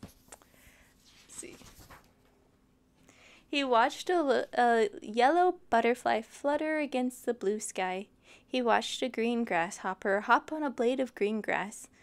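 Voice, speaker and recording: A woman reading a children's picture book aloud, expressive and adding sympathetic asides. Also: on the high side, a little slow, clean tone. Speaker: storytime reader.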